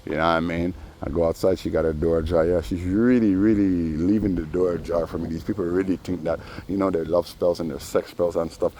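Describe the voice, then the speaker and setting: Very deep-voiced man rambling in his vlog. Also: fairly even intonation, brisk, few pauses, mellow, slight background noise. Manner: profane, storytelling, full of asides. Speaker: vlogger. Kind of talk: rambling personal vlog monologue.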